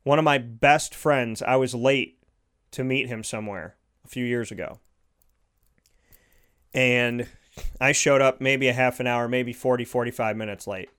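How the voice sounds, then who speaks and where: A man's voice: medium pitch, steady tone, measured pace, long pauses, fairly bright tone, clean tone. A man giving an earnest, heartfelt motivational monologue, repeating his points for emphasis.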